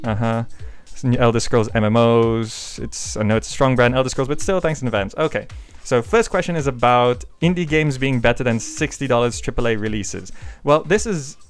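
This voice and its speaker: A man's voice: mid-range voice, normal speed, clear, resonant tone. A man hosting his gaming channel, answering viewer questions in a casual, rambling way with frequent hesitations, into a desk microphone. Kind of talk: casual Q&A vlog. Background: faint background music.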